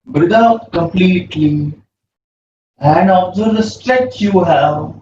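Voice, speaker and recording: A man, leading a yoga class with calm, slow breathing cues. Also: high voice. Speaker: yoga instructor. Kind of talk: guided yoga instruction. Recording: roomy, distant, muffled with faint hum.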